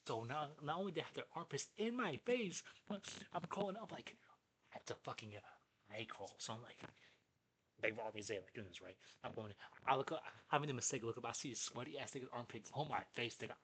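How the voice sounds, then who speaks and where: Husky young man telling a rowdy story. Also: mid-range voice, a little fast. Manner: animated, profane, jumps between asides. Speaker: vlogger. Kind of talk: casual storytelling.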